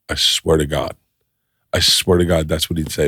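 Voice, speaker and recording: A man's voice: a bass voice, level tone, normal speed, sharp tone, breathy edge, no echo, studio quality. A middle-aged man hosting a podcast, telling a personal story in casual chat, emotional and laughing as he goes. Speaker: podcast host.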